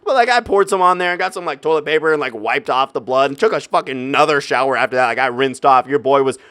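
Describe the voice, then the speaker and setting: A young man vlogging a personal story in a profane, animated way, with loud exasperated outbursts. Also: medium pitch, fast, smooth, dry recording. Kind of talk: storytelling vlog.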